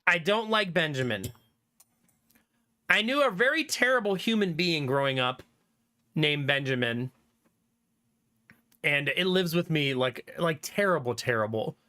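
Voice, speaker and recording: A man in his thirties chatting casually with his stream viewers, reading their messages aloud and laughing often. His voice is bright and clear. His pitch swings widely as he talks. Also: animated, unhurried, long pauses. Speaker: livestreamer.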